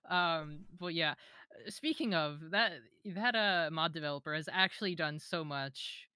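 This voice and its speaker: A woman's voice: deep voice, lively intonation, takes it slowly, pushed and bright, clean tone, no echo, clean studio sound. A young woman talking casually as an interview guest, hesitant with many fillers and restarts, giggling now and then. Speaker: modpack creator, interview guest.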